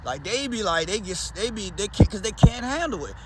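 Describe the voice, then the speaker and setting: A man's voice: high voice, big pitch swings, a little fast, slight background noise. A man with a Baltimore accent, talking in a loose, slangy, rambling way as a vlogger. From Baltimore, USA. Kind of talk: casual rambling chat.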